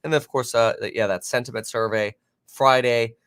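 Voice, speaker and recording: A man's voice: mid-range voice, fairly even intonation, fairly quick, a bit bright, clean tone, dry recording. Rambling man hosting live market commentary. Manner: rambling, off-the-cuff, reacts to chat and headlines; many fillers and self-corrections. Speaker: finance livestream host.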